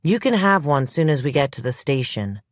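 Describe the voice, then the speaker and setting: A narrator voicing a calm, cold woman police detective who speaks in a low, firm, controlled way. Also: normal speed, dry recording, studio quality, natural voice.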